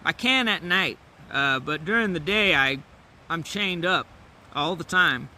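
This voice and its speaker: A man's voice: a little high, lively intonation, measured pace, bright, forceful tone, a little hiss or hum, exaggerated voice. A man voicing a well-fed, complacent male house dog who talks in an offhand, matter-of-fact way. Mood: smug.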